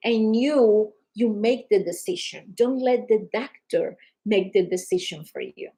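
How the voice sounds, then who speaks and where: A woman's voice: mid-range voice, a little slow, poor audio. A woman with a non-native English accent, talking casually and emphatically to viewers on a live stream. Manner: animated, emphatic, calls viewers darling. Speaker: social media host.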